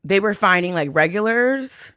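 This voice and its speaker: In a dry, studio-quality recording, a woman with a medium-pitched, slightly bright voice hosts a podcast from New York City at a moderate pace with lively intonation. Her storytelling is loose and foul-mouthed, packed with "like" and fillers, and she performs the quoted lines.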